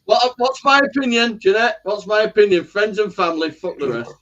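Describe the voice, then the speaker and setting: Jokey, sweary man, bright tone, muffled lo-fi line. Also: sits high, a little fast. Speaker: live stream panel guest. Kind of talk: casual banter. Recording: lo-fi call audio.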